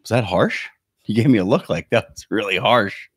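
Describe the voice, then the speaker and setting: Speaking at a normal speed in a lowish, slightly rough voice, a man in his thirties delivers a comedic podcast rant from his bedroom. He uses a webcam setup and leans on sarcasm and frequent swearing.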